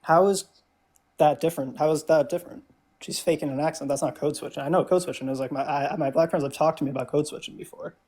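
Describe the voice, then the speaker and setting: A man's voice: on the high side, fairly even intonation, fast talker, darkish tone. A young man, a guest in a live debate, defending his view in a hesitant way, often stumbling and restarting. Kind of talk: casual debate on a call.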